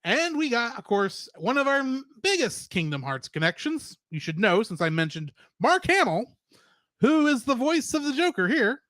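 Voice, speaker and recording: A man with a high, lively voice chats casually as a podcast co-host. He laughs easily and keeps things animated. The sound is dry and close, with no room around it. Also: moderate pace, no room sound. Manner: laughs often, animated and chatty.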